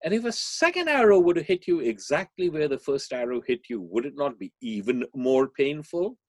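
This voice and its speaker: A man voicing a calm spiritual teacher who questions his disciple, in a parable told during a chat. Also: on the high side, normal speed, dry recording, voice pushed up. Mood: questioning.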